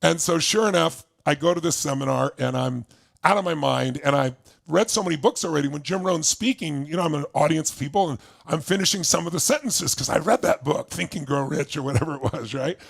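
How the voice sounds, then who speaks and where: A man speaks as a motivational speaker, telling a story from his life with plenty of energy. His voice sits high for a man and has a rough, gravelly fry. He slips into the voices of the people in his tale as he goes. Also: fairly quick. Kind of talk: storytelling talk to an audience.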